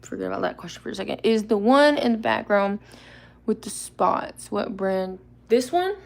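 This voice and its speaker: A woman hosting a casual live Q&A, rambling and chatty and quick to laugh. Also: mid-range voice, lively intonation, creaky, a little mellow. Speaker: livestream host.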